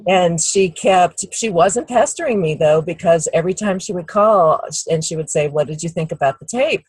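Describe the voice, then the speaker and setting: Middle-aged woman, husky and slightly low, dry close sound; relaxed storyteller on a team call. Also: moderate pace, no echo, rough recording. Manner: warm anecdotal storytelling, acts out quoted people. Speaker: guest speaker.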